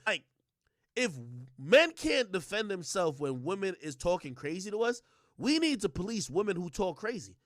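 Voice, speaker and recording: A young man ranting on a livestream in a high, swooping voice that keeps jumping up and down. He is heated and profane, and he mocks others in put-on voices. The sound is dry and close. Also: a little fast, no echo. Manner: animated, profane, jumps into mocking voices.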